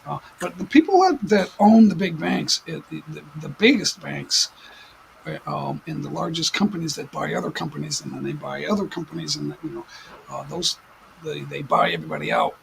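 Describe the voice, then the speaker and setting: An American man hosting a casual livestream chat from home, rambling and halting with many fillers and restarts, sitting a little back from his desk mic. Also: on the high side, expressive, vocal fry, a little hiss or hum, poor audio. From United States. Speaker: livestream host. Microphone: desk mic at some distance.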